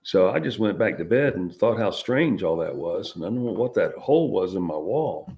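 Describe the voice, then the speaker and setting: A middle-aged man, telling a personal experience as an interview guest in a halting, rambling way full of restarts. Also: sits low, animated, a little mellow, muffled recording.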